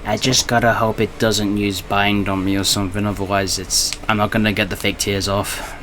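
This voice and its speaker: Rich: A man with a fairly low voice hosts his own game stream in casual chat. He comments on the match as it goes and talks through his streaming plans, with faint ambient noise underneath. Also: level tone, moderate pace, a bit bright. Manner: chatty, commenting on the game while announcing his schedule. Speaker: streamer hosting a multiplayer game session.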